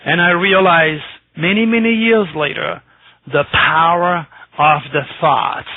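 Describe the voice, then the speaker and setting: Over a tinny, dry phone line with no room sound, a French man appearing as an astrologer guest on radio recounts something personal, stressing and repeating his words. He speaks slowly in a fairly high, gravelly voice with a steady tone.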